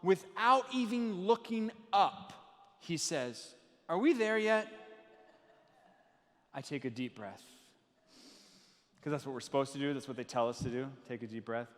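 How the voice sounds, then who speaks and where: A man's voice: medium pitch, expressive, normal speed, a bit bright. A man in his thirties, a pastor giving a sermon to a live congregation, telling family stories with playful asides. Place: church sanctuary with live congregation. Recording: long hall reverb.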